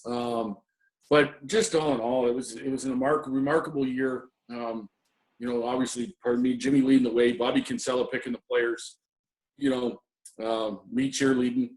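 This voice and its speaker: A man's voice: medium pitch, fairly even intonation, moderate pace, darkish tone. A middle-aged man, a former assistant hockey coach, reminiscing in an interview with many ums and restarts. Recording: roomy echo.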